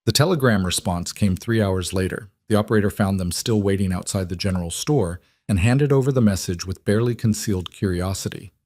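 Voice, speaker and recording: A man narrating a frontier romance story in steady, measured scripted narration. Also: low-pitched, no room sound, clean studio sound.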